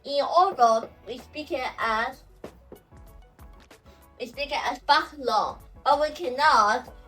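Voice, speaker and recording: A woman teaching language pronunciation, who talks slowly and says example words over and over. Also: high voice, sharp tone, distant mic, soft background music, poor audio. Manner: slow and repetitive, saying example words over and over. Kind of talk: explaining pronunciation.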